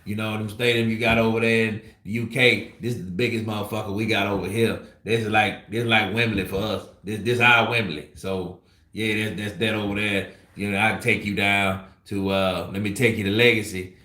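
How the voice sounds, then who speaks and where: Man impersonating a boastful boxer, slangy, teasing, low voice, echoey room. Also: steady tone, fairly quick, pushed and bright. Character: boastful laid-back male boxer playing tour guide.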